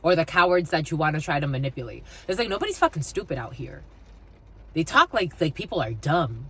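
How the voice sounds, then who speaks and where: A tarot reader gives her viewers a blunt, profane spiritual reading monologue, scolding them and swearing freely. Her low voice is sing-song and fairly quick, with a breathy edge.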